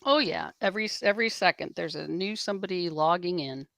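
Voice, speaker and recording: A woman's voice: on the low side, animated, quick pace, creaky, a bit bright. A woman co-hosting a live chat, relaying viewer comments in a matter-of-fact way. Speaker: co-host reading chat.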